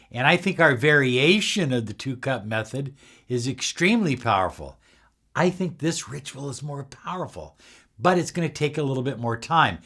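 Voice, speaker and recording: A middle-aged man calmly demonstrating and explaining a spiritual ritual step by step, sometimes dropping to a soft, hushed voice. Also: a little high. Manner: calm, measured, drops to a soft near-whisper while demonstrating. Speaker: spiritual teacher.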